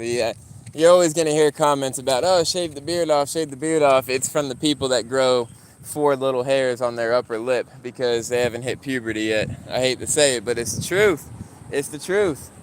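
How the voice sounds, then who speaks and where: Young male streamer, casual outdoor live chat, animated storyteller. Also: brisk, smooth. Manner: animated storyteller, voice climbing high when retelling arguments. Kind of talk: casual livestream chat while walking a dog. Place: outdoors in a yard.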